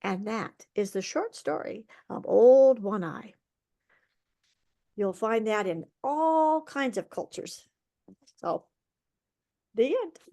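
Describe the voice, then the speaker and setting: Expressive woman telling a folk tale. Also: fairly high pitch, slow pace, creaky, long pauses. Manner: lively, expressive, sound effects. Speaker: storyteller. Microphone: video call.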